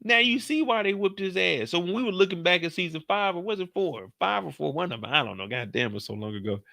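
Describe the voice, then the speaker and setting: A man's voice: high-pitched, animated, fast talker, gravelly, pushed and bright, no echo. A young man giving a profane, joking recap of a TV episode, acting out the characters' lines as he goes. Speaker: show commentator. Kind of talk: animated casual recap commentary.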